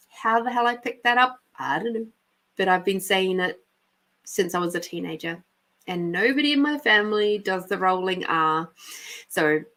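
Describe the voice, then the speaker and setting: A woman from New Zealand with a New Zealand accent, hosting a live stream and chatting casually with viewers, unhurried and quick to laugh. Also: mid-range voice, a bit bright. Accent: New Zealand, softened by years in South Australia. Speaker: podcast host and intuitive reader.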